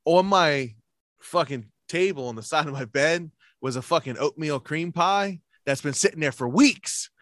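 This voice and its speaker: A man's voice: on the high side, moderate pace, fairly bright tone, no room sound, clean studio sound. Foul-mouthed man telling a rambling story. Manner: crude, rambling storyteller, swears constantly. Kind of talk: casual chat.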